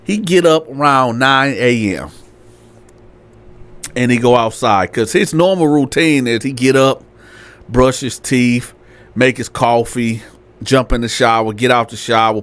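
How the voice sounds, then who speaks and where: A man telling a story in a casual, slangy way, checking in with "right?" and acting out the people in it. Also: mid-range voice. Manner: animated, slangy, repeats "right?". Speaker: storyteller, channel host. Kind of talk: casual storytelling with acted voices.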